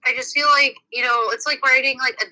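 A woman's voice: sits high, steady tone, a little fast, bright, forceful tone, rough recording. A woman chatting casually, reacting bluntly and with mock disgust to a story being read to her. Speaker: co-host commenting. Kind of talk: casual chat.

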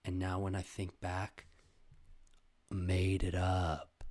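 A young man with a fairly low voice tells a casual story on his podcast and swears freely. He swings from loud, excited bursts down to low, muttered asides. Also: slow. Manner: profane, animated storytelling with sudden loud bursts and quiet asides. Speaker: podcast host.

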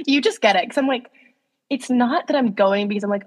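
Giggly chatty young woman, high voice. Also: lively intonation, fairly quick, big-room sound. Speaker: podcast co-host. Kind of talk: casual chat, storytelling. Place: New York.

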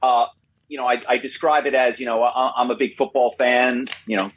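A man in his fifties, a guest in an interview, telling stories in an animated way, often repeating himself and adding tag questions. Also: mid-range voice, brisk, highs cut off, a little hiss or hum. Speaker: guest, former corporate spy. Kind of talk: interview storytelling.

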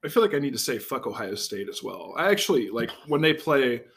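A man's voice: medium pitch, sing-song, brisk, vocal fry, a bit bright, breathy edge. A young man co-hosting a podcast in casual chat, joking and teasing with a lot of swearing. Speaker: podcast co-host.

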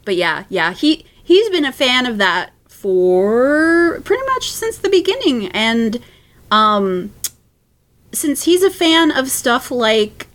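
A woman guest on a chat podcast who talks at an unhurried pace. Her pitch swings widely and she laughs a lot, with many fillers between thoughts. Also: very animated, fairly bright tone. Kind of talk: casual chat.

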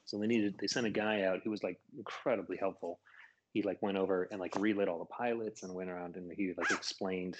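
A man's voice: sits low, fairly even intonation, fairly quick, highs cut off, noisy background. A man chatting casually, telling a long rambling story with fillers and laughs.

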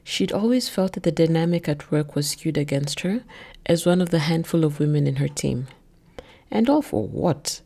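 Woman, low voice, scripted story narration, measured and quiet. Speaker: narrator and author.

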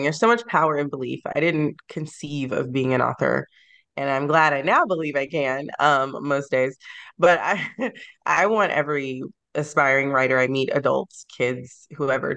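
A woman's voice: rumbling low, moderate pace, gravelly, fairly bright tone. A woman author being interviewed on a podcast, speaking in a reflective, sentimental way and laughing easily. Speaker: guest author.

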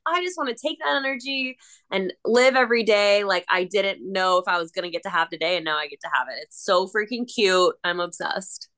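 Woman, actress guest on a podcast, bright voice, smooth, upbeat, gushing. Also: mid-range voice, expressive, brisk. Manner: upbeat, gushing, acts out voices in her stories. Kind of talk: casual interview chat.

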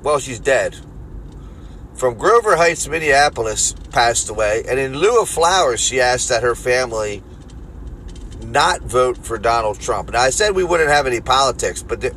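A man with a Philadelphia accent hosting a solo podcast from his car, rambling crudely and jokingly between loud bursts and mutters. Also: mid-range voice, a little hiss or hum. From Philadelphia area. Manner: rambling, crude, jokey, swings loud and quiet. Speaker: podcast host. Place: car on the road.

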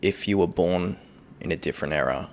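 A man's voice: sits low, brisk, a little hiss or hum. A man in casual podcast chat, swearing freely and laughing often. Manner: swearing, laughing a lot, animated.

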